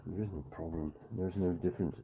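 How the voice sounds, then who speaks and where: A man's voice: deep voice, steady tone, fairly quick, lo-fi sound, a little hiss or hum. A man in a rambling, free-associating comic monologue that jumps playfully between tangents. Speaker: comedian.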